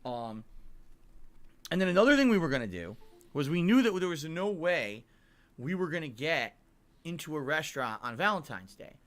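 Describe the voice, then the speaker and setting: Middle-aged guy from connecticut, rambly vlog talk, sharp bright tone, kinda high for a man. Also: sing-song, moderate pace, long pauses. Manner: long-winded, emphatic, checks in with the listener. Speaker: vlogger.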